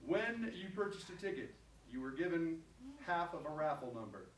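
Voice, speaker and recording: A man's voice: on the high side, big pitch swings, moderate pace, a faint crowd. A man emceeing a raffle on a small theater stage, teasing and playful. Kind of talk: live comedy emcee banter. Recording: echoey live theater recording from a distance, background noise.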